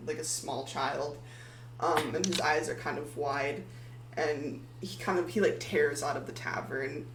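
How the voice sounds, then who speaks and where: Woman narrating a tabletop game, hesitant, many fillers, roomy echo, off-mic, faint hum. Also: sits low. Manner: hesitant, full of ums and likes. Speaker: game master. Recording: echoey room, far from mic, faint hum.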